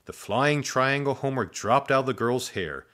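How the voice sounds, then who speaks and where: A man reading a children's story aloud in a playful, expressive way. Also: mid-range voice, normal speed.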